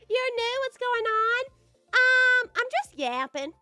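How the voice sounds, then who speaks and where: Very high-voiced bubbly woman. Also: sharp tone, no room sound. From United States. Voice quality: very high, girlish voice. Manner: bubbly, giggly, chatty with viewers. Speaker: streamer. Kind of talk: casual live-stream chat.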